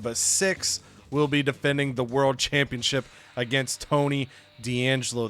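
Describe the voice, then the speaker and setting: A man recounts events from a wrestling management game. His delivery is steady and recap-like. His pitch sits in an ordinary middle range. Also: smooth. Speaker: game commentator.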